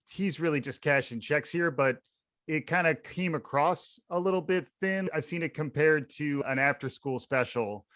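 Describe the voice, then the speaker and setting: A man's voice: a little high, a bit bright, dry recording, studio quality. A man co-hosting a podcast, giving his opinions in a playful, riffing way. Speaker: podcast co-host. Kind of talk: casual podcast chat.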